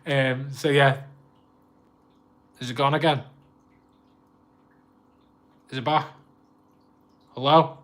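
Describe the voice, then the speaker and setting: A man's voice: mid-range voice, steady tone, takes it slowly, pauses often, fairly bright tone. Chatty Scouse man streaming live. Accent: Liverpool (Scouse). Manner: chatty, laughs often, self-mocking. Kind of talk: casual live-stream chat.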